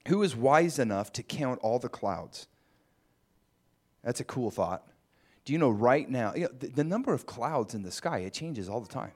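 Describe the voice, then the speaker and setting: Male pastor, conversational sermon, animated lilting delivery. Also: on the high side. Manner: chatty, musing, with asides to the congregation.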